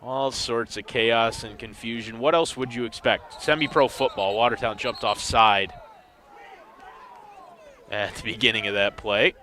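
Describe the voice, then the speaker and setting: A man's voice: medium pitch, steady tone, unhurried, bright, forceful tone, a little hiss or hum. A man calling a semi-pro football game play by play, with dry, wry asides about confused officiating. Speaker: play-by-play commentator. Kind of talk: sports commentary.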